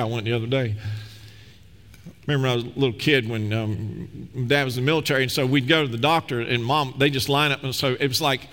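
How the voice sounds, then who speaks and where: A man preaching a sermon as pastor, telling stories with lively swings between loud, rising passages and hushed, low ones. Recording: long echo of a large hall.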